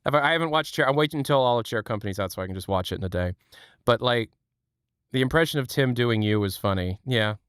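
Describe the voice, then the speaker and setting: Smooth-voiced, chatty male streamer. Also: medium pitch, animated, fast, fairly bright tone, no echo, clean studio sound. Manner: chatty, joking, swears, laughs often. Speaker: livestream host. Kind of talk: casual chat.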